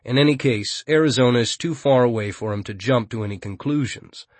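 A man narrating an audiobook in a steady, even storytelling manner. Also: mid-range voice, a little fast, no room sound. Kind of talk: scripted narration.

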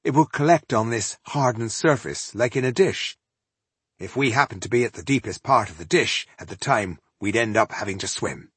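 A man's voice: mid-range voice, expressive, moderate pace, fairly bright tone, husky, dry recording. A man voicing a fussy, theatrical male fourthling with a dramatic, gloomy way of talking. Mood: fretful.

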